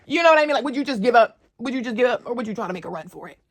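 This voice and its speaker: A young woman casually telling a wild personal story to her viewers, animated and slangy. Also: on the high side, rapid-fire, dry recording. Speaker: storyteller vlogger.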